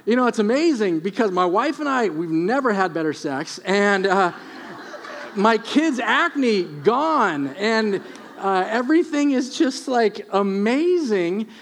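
A man's voice: high-pitched, very animated, a bit bright, voice pushed up, heavily acted. A bashful, awkward homeowner hems and haws in a raised voice, as a male preacher puts him on. He fumbles through every phrase with hesitant fillers. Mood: sheepish. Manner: halting, fumbling with many fillers.

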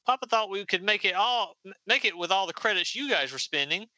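A man putting on a high, upset young woman, an innkeeper's daughter, her voice jumping up as she stammers and sniffs. It has a bright edge and sits very close to the mic. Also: animated, a little fast, dry recording, muffled recording, exaggerated voice.

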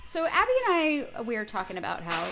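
A woman's voice: medium pitch, big pitch swings, fast talker, creaky, background noise. A woman in her thirties co-hosting a podcast, chatting casually and bantering with a joking manner. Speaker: podcast co-host. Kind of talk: casual chat.

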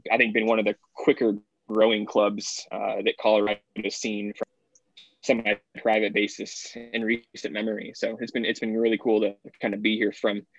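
A man's voice: lowish voice, completely flat delivery, moderate pace, dry recording, lo-fi sound. A man being interviewed as a golf professional, explaining steadily with frequent fillers. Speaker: assistant golf professional, guest. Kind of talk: casual podcast interview.

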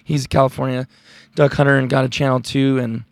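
Gravelly-voiced man hosting a podcast. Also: medium pitch, fairly quick, dry recording. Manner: rambling, relaxed, with many fillers. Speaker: podcast host. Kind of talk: casual podcast chat. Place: camping outdoors in the mountains.

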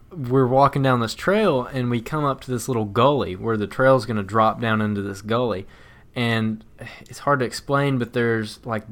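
Man calmly recounting a hunt. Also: mid-range voice. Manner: plain, steady storytelling with sudden excited bursts. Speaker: podcast co-host. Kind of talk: casual hunting storytelling.

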